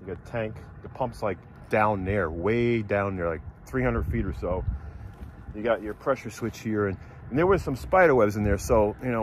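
A man narrating a casual vlog outdoors on a farm, explaining things in a relaxed, rambling way with lots of fillers. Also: lowish voice, a little hiss or hum. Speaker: vlogger visiting a friend's farm.

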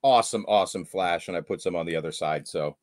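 A man's voice: sits low, fast talker, slight background noise. A man sharing tips and stories in a casual live-stream chat, often repeating little catchphrases. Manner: storytelling, repeats catchphrases like "there you go". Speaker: guest angler.

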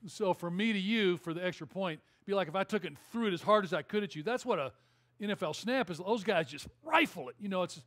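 A male pastor preaching a sermon in a church, telling a story in an animated, conversational way with jokes. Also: sits high, quick pace. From Detroit area. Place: church auditorium.

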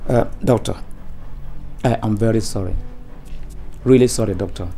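A Nigerian-accented actor playing an exasperated father who shouts at his wife and apologizes to the doctor in a film drama. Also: lowish voice, moderate pace, faint music behind, natural voice. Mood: apologetic.

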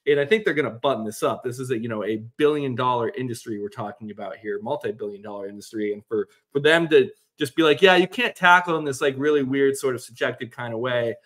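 Male co-host, casual sports chat, mid pitch, loose and animated. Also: fast, few pauses. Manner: animated, rambling with fillers. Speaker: podcast co-host.

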